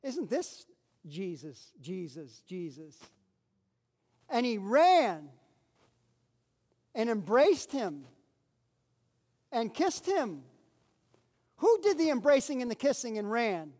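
An animated man preaching a sermon in a fairly high voice. He acts out the people in the story he is telling and repeats phrases for emphasis. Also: slow pace, pauses often.

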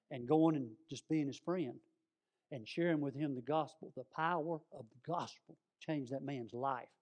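A man's voice: fairly high pitch, a little mellow. A man preaching a folksy storytelling sermon in a church, speaking straight to the congregation. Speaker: visiting preacher. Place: church sanctuary.

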